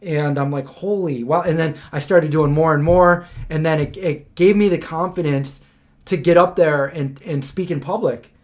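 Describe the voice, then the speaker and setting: A man's voice: on the high side, moderate pace. A man telling a story in a casual podcast chat, rambling and full of fillers. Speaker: podcast host.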